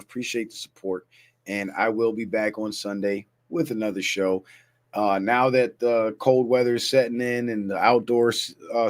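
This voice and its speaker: A middle-aged man hosting a livestream, telling stories in a loose, casual way with plenty of swearing. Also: mid-range voice. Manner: loose, swearing storyteller, animated asides. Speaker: livestream host.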